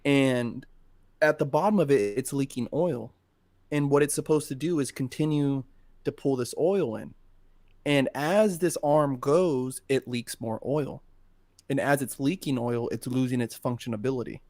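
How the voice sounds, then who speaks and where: A man's voice: medium pitch, unhurried, a little mellow, no echo. Man, podcast co-host, casual emotional storyteller, swears, dry close sound. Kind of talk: casual chat.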